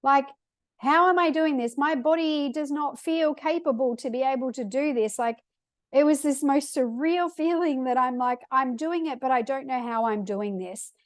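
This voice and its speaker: A woman's voice: sits high, moderate pace, dry recording. A young woman hosting a podcast, telling a personal story casually with lots of "like" fillers and moments of emotion. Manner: chatty, frequent "like" fillers, emotional. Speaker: podcast host.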